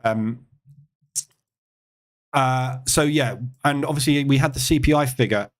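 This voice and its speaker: This man speaks at an unhurried pace in a medium pitch while running a live trading stream. His market talk is casual, a stream of thinking aloud peppered with fillers and side remarks.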